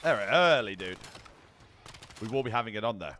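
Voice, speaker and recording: A man's voice: on the low side, moderate pace, a bit bright, slight background noise. A young British man streaming a watch party, chatting casually with his viewers, brash and full of swearing. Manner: brash, swears a lot, banters with chat.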